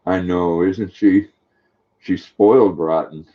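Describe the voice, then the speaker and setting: A man's voice: deep voice, fairly even intonation, very slow, dull audio. An older man hosting a casual live stream, chatting affectionately and talking sweetly to his dog.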